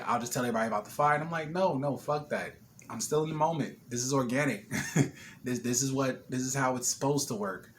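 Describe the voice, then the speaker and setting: A man vlogging at home, retelling a kitchen fire in an animated, swearing, laughing way, still shaken. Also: medium pitch, a little hiss or hum. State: shaken after a scare. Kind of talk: casual storytelling vlog. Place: apartment kitchen, smoky.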